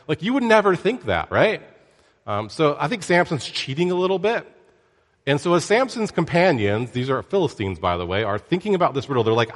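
A man teaches scripture in a relaxed, chatty way, tossing in wry jokes and asides as he goes. His voice sits at an ordinary middle pitch. It carries a long reverb, as if recorded in a large room. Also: fast talker. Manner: conversational and joking, with lively asides. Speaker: Bible teacher. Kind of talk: casual Bible lesson.

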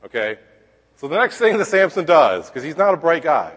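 A man's voice: fairly high pitch, very animated, fairly quick, a bit bright, slightly rough, long reverb tail. A man giving a casual Bible lesson, retelling and reading scripture in a conversational way, often checking in with "okay?" and adding wry asides. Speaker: Bible teacher.

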